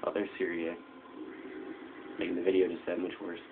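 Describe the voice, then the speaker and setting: A man's voice: low voice, completely flat delivery, fairly quick. A young man giving casual, joking commentary over a video game and talking back to its characters. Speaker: gameplay commentator. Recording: tinny lo-fi mic with faint hiss.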